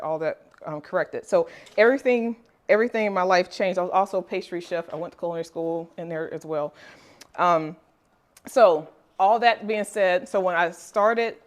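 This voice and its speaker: Middle-aged woman, nutritionist type, a bit low in pitch; candid, earnest storytelling with "um"s and small laughs. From Nigerian family background. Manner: earnest and candid, with frequent fillers and light laughs. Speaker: holistic nutritionist and wellness teacher. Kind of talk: personal story told to a class.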